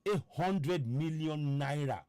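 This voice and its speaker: A man with a Nigerian accent delivers a fiery broadcast in a fairly high voice, hammering the same questions over and over and stumbling into restarts. The sound is close and dry, with no room around it. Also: takes it slowly, mellow, clear, resonant tone, dry recording. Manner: fiery, repeats rhetorical questions, stammering restarts. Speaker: political activist host. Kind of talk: impassioned online broadcast.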